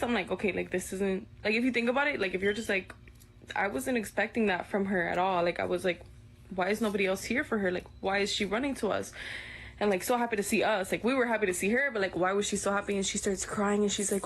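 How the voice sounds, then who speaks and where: A woman's voice: medium pitch, fairly even intonation, quick pace. A woman casually recounting events, rambling and filling her talk with "like" and "whatever". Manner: rambling, heavy use of "like" and "whatever". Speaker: witness recounting events in a clip. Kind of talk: casual storytelling.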